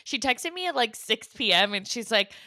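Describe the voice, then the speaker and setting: Podcast co-host, woman, bright tone, dry close sound, animated storyteller. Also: on the high side, moderate pace, no echo. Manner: animated storyteller, laughs often. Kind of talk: casual chat.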